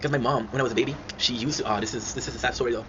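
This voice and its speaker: A man's voice: medium pitch, steady tone, very fast. A man telling rambling childhood stories to his viewers, often breaking into laughter. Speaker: channel host. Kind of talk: casual storytelling. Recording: dull lo-fi sound with clear noise.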